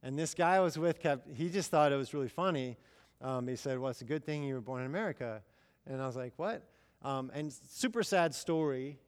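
A man in his thirties preaching in a church, in a relaxed, chatty storytelling voice. He acts out quoted dialogue and fills pauses with ums and you-knows. His voice is mid-pitched and carries a long reverberant tail from the hall. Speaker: missionary speaker. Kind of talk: sermon storytelling.

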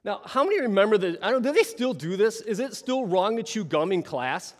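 Lively guy telling a story to a crowd, high bright voice, echoey hall. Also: brisk. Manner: animated, asks the audience questions. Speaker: speaker telling a story to an audience. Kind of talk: storytelling talk.

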